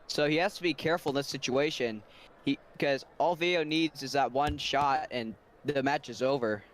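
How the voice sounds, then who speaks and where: A man giving color commentary on a boxing match, breaking down tactics with quick reactions. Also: medium pitch. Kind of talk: live fight color commentary. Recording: noisy livestream audio.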